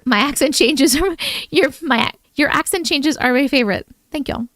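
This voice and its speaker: A woman's voice: high voice, moderate pace, fairly bright tone, no room sound, clean studio sound. A woman hosting a casual livestream, chatting and reading viewers' stories aloud in a playful manner that keeps breaking into jokes.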